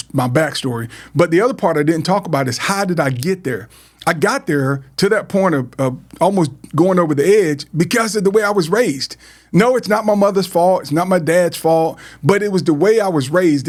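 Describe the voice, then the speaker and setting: A man's voice: a little high, a little mellow. A middle-aged man hosting a podcast, speaking earnestly about his life in a heartfelt personal talk, often repeating words and starting over. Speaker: podcast host.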